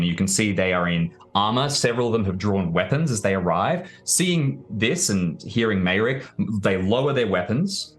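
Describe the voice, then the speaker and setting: A man's voice: sits low, a bit bright. A man running a tabletop role-playing game as game master, narrating the scene with descriptive, filler-laced speech.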